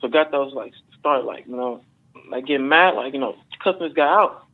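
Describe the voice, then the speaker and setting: An MMA fighter being interviewed as a guest tells stories in a rambling, casual way, with lots of fillers and swearing. His voice is mid-range and a little fast, and the recording has a narrow, phone-like band.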